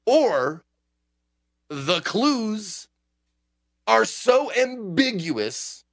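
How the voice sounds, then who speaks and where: Animated swearing man ranting. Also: sits high, very slow, no echo. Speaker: game streamer. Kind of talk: casual podcast chat.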